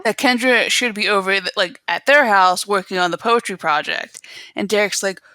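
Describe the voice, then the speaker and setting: A woman co-hosting a podcast, recapping a TV episode in casual chat with animated retelling and frequent laughter. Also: medium pitch, moderate pace, no room sound. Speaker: podcast co-host.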